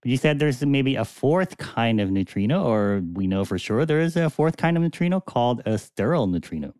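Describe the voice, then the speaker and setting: A man's voice: medium pitch, lively intonation, fairly quick, a little mellow, no room sound, studio quality. A man co-hosting a casual science podcast, asking curious, playful and skeptical questions.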